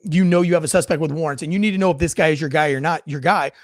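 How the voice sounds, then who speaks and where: A man and police officer co-hosting a casual chat, animated and swearing freely, acting out voices in his stories. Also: a little high, racing, no room sound, clean studio sound. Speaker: podcast co-host, police officer.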